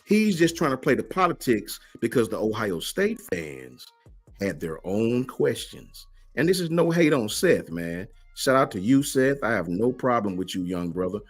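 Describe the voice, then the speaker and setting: A man's voice: mid-range voice, very animated, moderate pace, breathy edge, soft background music. A man hosts a livestream and answers the chat, emphatic and slangy, firing off rhetorical questions. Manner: slangy, keeps asking "right?". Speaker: host of a college football fan channel.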